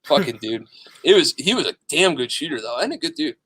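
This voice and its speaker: A man's voice: on the high side, sing-song, brisk, a bit bright, husky, no room sound. A man co-hosting a podcast, telling stories in a casual, profane, joking way. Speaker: podcast co-host. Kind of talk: casual chat.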